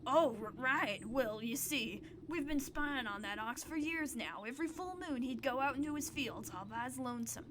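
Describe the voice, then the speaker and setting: A woman voicing a huge, crude male bandit with rough folksy speech who breaks into wailing sobs, read aloud during a game stream. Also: high voice, animated, normal speed, few pauses, noisy background. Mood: eager.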